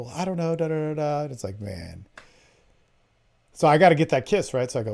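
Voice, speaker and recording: A man's voice: a little high, lively intonation, moderate pace, gravelly, long pauses, mellow. Blunt, swearing man coaching casually. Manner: blunt, profane, emphatic. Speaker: men's dating coach. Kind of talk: casual unscripted monologue.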